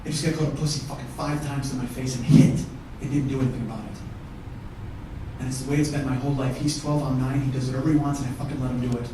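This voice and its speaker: A man's voice: mid-range voice, little pitch movement, racing, very noisy. A male comedian performing a one-man storytelling show, talking in a conversational, profane way and bantering with the audience. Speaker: stand-up comedian. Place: theatre stage with live audience. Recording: echoey theatre from far off.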